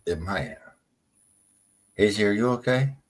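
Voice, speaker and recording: A man's voice: lowish voice, lively intonation, unhurried. A man making dry, teasing remarks in casual live-show chat.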